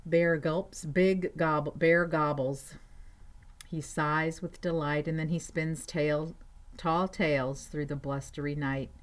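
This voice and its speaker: A woman reading a children's picture book aloud, adding gentle, chatty asides to her listeners. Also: low-pitched, flat delivery, unhurried. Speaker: storyteller.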